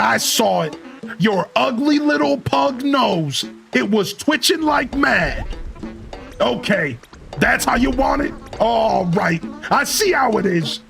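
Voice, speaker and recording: A man voicing a grumpy male mole who rants and scolds the player with gruff shouts. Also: extremely high pitch, heavily acted. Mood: accusing. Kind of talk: reading game dialogue aloud in character.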